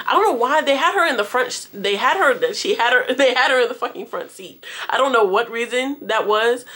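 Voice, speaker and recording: A woman's voice: mid-range voice, a bit bright. A young woman vlogger telling a storytime tale to her viewers in a slangy, profane, chatty way. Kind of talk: casual storytime.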